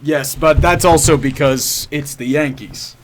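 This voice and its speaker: A man co-hosting a casual podcast, trading wry, deadpan comebacks. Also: fairly high pitch, a little slow. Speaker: podcast co-host.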